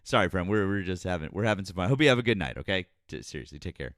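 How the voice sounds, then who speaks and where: A man co-hosting a live stream, talking to a caller in a friendly, brisk way and repeating his words. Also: sits low, expressive, a bit bright, dry recording, clean studio sound. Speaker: co-host. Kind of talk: taking a call on a live stream.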